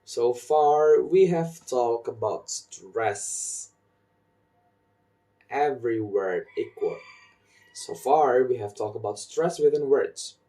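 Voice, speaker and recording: Slow, deliberate young man teaching stress. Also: medium pitch, warm tone, recorded from a distance. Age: young adult. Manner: slow, deliberate, repeats example sentences with marked stress. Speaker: student presenter. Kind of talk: recorded phonology lesson. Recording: voice set back from the mic.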